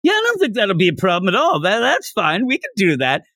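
A man voicing a sweet, naive young boy fighter in a higher, eager voice. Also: wildly swooping pitch, fast talker, bright, forceful tone, dry recording, clean studio sound, full character voice.

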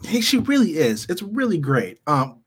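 A man co-hosting a casual podcast chat, animated, joking and swearing freely. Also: a little high, normal speed, breathy edge. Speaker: podcast co-host.

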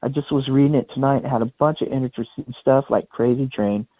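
A man in relaxed podcast conversation, telling studio stories at an easy pace and dropping into little quoted voices now and then. His voice comes through a narrow, phone-like band with no room sound at all. The pitch sits in an ordinary middle range. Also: fast, no room sound. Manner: relaxed storyteller, quotes others in small put-on voices. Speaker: podcast co-host. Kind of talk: casual chat about a rock album. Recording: dry, thin phone-like sound.

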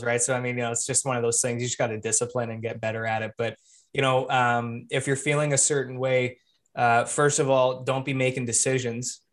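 A man's voice: mid-range voice, fairly bright tone. A man hosting a podcast interview, talking in a loose, rambling way full of fillers and restarts. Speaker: podcast host.

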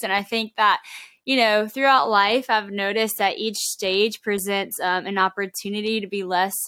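A woman's voice: medium pitch, pushed and bright, clear, resonant tone, dry recording. Young woman guest, earnest and chatty, fillers and quoted asides, dry studio mic. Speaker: podcast guest. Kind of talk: casual podcast conversation.

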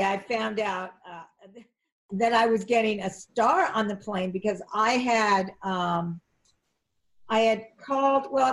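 A middle-aged woman telling lively anecdotes in an interview, jumping up in pitch as she acts out what people said. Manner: animated, acts out quotes in a high excited voice, frequent restarts. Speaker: actress and flight attendant, interview guest. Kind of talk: conversational storytelling.

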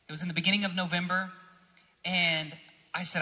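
A young man preaching a sermon, telling a story and then building to animated, shouted emphasis. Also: sits high, moderate pace. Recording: echoey hall reverb.

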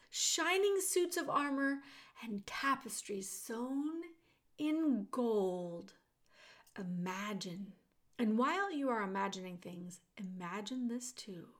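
A woman narrating a children's audiobook, talking straight to the listener with expressive storyteller pacing. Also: a little high. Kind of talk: audiobook reading of a children's novel.

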